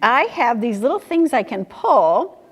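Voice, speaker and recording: A woman's voice: on the high side, very animated, a little slow. A woman reading picture books aloud to a group of young children, playful and sing-song, asking them questions and laughing often. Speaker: children's story time reader.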